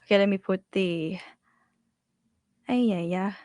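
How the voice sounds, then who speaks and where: In a casual online lesson, a young Thai-accented woman teaches pronunciation, repeating syllables to illustrate each tone, chatting and laughing frequently. She takes it slowly in a mid-range, darkish voice, recorded dry with clean studio sound.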